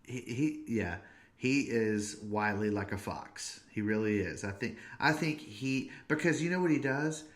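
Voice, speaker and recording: A man in his thirties hosting a podcast, chatting casually in a playful, joking way and stretching out his stories. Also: lowish voice. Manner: playful and joking, drawn-out storytelling. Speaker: podcast host. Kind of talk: casual chat.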